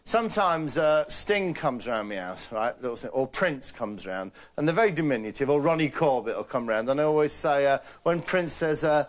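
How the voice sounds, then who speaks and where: In character, a male comedian delivers a comic monologue as a name-dropping, dim-witted, boastful celebrity, chatty and rambling, with "right?" tacked on again and again. His medium-pitched voice is animated and lightly acted, moving at normal speed with hardly any pauses.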